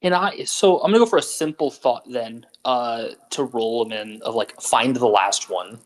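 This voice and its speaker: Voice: medium pitch, moderate pace. A player in a tabletop game who talks offhand and swears a lot. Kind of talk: casual chat at a game table.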